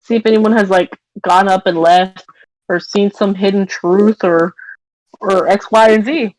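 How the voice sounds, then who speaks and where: A woman's voice: medium pitch, steady tone, unhurried, darkish tone, no room sound, poor audio. A woman playing in a tabletop game, joking around in casual chat. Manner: jokey, playful. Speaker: player.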